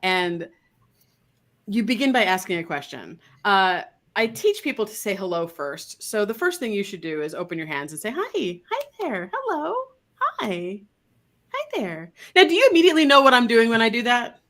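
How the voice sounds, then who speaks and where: A woman dog trainer, a guest on an interview, explaining her method in a casual, animated way and slipping into voices for dogs. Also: medium pitch, a little fast.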